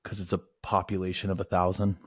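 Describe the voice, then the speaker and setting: Man, low dead voice, deliberate dry co-host in casual banter. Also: monotone, dry recording. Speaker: podcast co-host.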